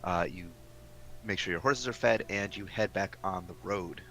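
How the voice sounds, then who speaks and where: A man narrating a tabletop game as game master, setting scenes in a relaxed, unhurried way. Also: sits low.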